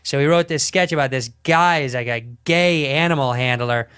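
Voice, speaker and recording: Smooth-voiced man rambling through a story. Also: on the high side, moderate pace, fairly bright tone. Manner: rambling, profane, self-interrupting. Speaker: podcast storyteller. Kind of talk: casual chat storytelling.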